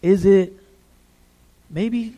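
A middle-aged man preaching a sermon in a relaxed, conversational way, often checking in with the congregation. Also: sits high, extremely slow. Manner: conversational, repeats "right?" to the congregation.

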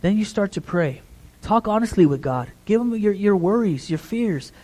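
A middle-aged man preaching a sermon in a relaxed, conversational way, often checking in with the congregation. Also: high voice, moderate pace. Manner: conversational, repeats "right?" to the congregation.

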